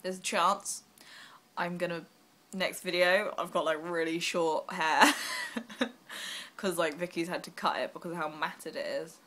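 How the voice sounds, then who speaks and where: Rambling young woman, bright voice. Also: on the low side, steady tone. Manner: rambling and self-deprecating, quick asides. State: unwell. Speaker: vlogger. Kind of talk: casual vlog chat.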